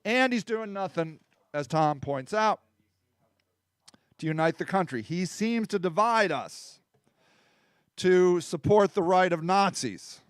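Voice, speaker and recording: A middle-aged man with a high, smooth, clear voice talks politics on his own show. He rambles casually, then turns heated and emphatic, swearing freely. The sound is dry and close, with almost no room around it. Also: expressive, takes it slowly, long pauses, dry recording. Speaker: livestream host.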